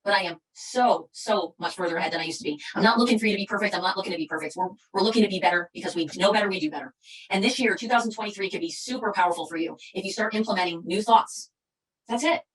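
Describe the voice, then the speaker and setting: Fast-talking fervent motivational woman. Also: medium pitch, low-quality recording. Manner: fervent, preachy, rapid-fire. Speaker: MLM company leader giving a training talk. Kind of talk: motivational speech.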